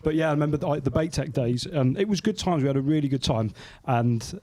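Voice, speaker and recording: A man from England hosting a podcast, telling anecdotes in a casual, lively way and acting out the people he quotes. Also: on the high side, fast, slight background noise. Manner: animated, acts out quoted voices in anecdotes. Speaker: podcast host. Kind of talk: casual storytelling chat.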